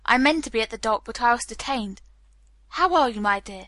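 A woman's voice: fairly high pitch, lively intonation, brisk, pushed and bright, no room sound. A woman reading an audiobook, voicing a polite, hesitant middle-aged English father. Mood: evasive.

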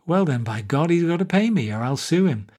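A man's voice: fairly high pitch, animated, fairly quick, a little mellow, pitched above the performer's own voice. A man reading aloud and voicing a drunk, boastful middle-aged male playwright with slurred speech. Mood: rambling.

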